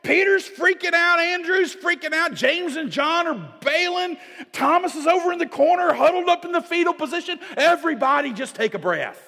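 A commanding, reassuring divine figure speaks over frightened followers, as a preacher acts him out. The voice sits very high for a man and climbs with urgency. It rings out with the long reverb of a large hall. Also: lively intonation, normal speed, creaky, sharp tone, exaggerated voice. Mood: urgent, reassuring. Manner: emphatic, urgent preaching delivery.

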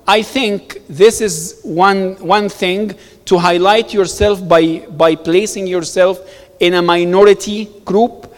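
A man's voice: sits high, steady tone, slow. A man giving an emphatic public talk to an audience, repeating words for stress and telling stories. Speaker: speaker answering audience questions. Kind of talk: animated public talk with storytelling. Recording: long reverb of a hall.

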